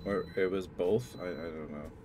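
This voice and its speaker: A man's voice: low voice, fairly even intonation, normal speed, noisy background. A young man streaming a driving game, chatting in a rambling, apologetic, self-deprecating way. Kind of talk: casual chat while playing a driving game.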